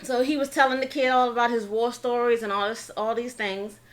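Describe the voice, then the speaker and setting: A woman whose voice is a little high and steady hosts a laid-back eating-show story time. Chatting through a piece of history, she acts out what the people said and occasionally pauses to spell words.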